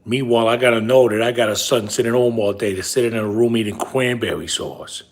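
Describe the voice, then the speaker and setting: In this comedy monologue, a man plays a middle-aged bus driver nagging his son, scolding repetitively and at times sinking into hushed whispers. He speaks briskly in a mid-range voice that stays close to his everyday sound.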